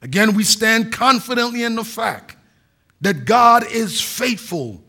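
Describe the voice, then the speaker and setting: A man's voice: very high voice, big pitch swings, unhurried, pushed and bright. A middle-aged man, a pastor, preaching a sermon in an earnest, emphatic way with a few restarts.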